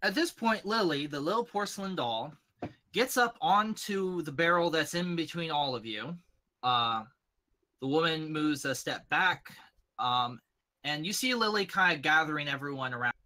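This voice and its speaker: A man's voice: on the high side, lively intonation, normal speed, pushed and bright. A man narrating as game master in a tabletop game, with a loose style full of fillers.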